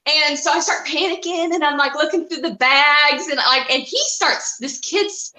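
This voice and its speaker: A woman guest on a podcast, chatting casually and telling animated stories, often laughing and acting out the voices of people in her stories. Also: sits high, moderate pace, roomy sound, rough recording. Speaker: guest, cat and reptile breeder.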